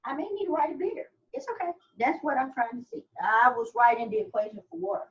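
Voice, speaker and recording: A woman's voice: on the high side, sing-song, fast. A woman teaching from her home office over a video call, fiddling with her setup and often saying hold on, wait a minute. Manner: flustered, stop-and-start, keeps saying wait a minute. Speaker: instructor. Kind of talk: casual video-call class chat. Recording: muffled video call audio.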